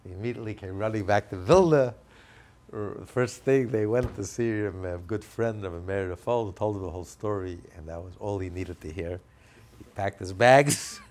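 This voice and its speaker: A man teaching a religious lesson through a story, narrating with energy and acting out what the characters say. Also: sits low. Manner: animated, acts out the characters' lines.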